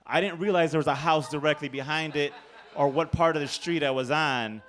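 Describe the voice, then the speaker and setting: A man telling a comic true story on stage, animated, profane and laughing at himself. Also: on the high side, a little fast. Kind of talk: live comedic storytelling.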